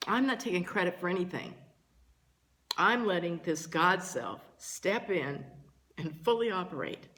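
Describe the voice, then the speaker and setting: An older woman giving a slow, reflective spiritual talk as a teacher, gentle and earnest, pausing often between phrases. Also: lowish voice, lively intonation.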